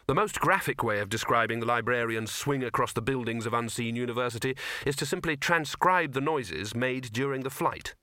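A man's voice: mid-range voice, brisk, hardly any pauses, sharp tone, no echo. A man reading a comic fantasy novel aloud as an audiobook narrator, in a dry, storytelling manner. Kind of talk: scripted narration.

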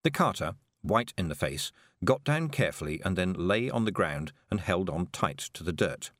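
Expressive low-voiced male narrator. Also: normal speed, no echo, studio quality. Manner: expressive, lively reading. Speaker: audiobook narrator. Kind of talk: scripted storybook narration.

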